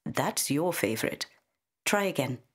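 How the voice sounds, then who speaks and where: A woman reads the part of a weary, protective mother, soft and hushing, in a low, husky voice. She speaks tenderly to her child in a quiet storybook scene. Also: expressive, unhurried, heavily acted. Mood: gentle teasing.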